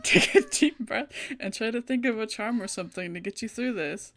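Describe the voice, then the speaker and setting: A woman's voice: on the high side, expressive, normal speed, a bit bright. A woman voicing an anxious teenage schoolgirl who is alone and frightened, reading game dialogue aloud on a stream. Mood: panicked. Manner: reads the game dialogue aloud with rising panic.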